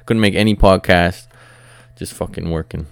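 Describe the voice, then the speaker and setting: Profane, rambling young podcaster. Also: male voice, low-pitched, steady tone, moderate pace, creaky, no room sound. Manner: frustrated, profane, rambling with filler words. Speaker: podcast host. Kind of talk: casual solo sports podcast rant.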